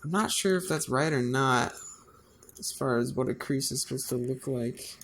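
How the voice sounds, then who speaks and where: A man's voice: mid-range voice, normal speed, gravelly, fairly bright tone, slight background noise. A man designing on a computer, thinking aloud in a casual, self-deprecating way. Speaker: designer narrating his work. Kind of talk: casual screen-recording commentary.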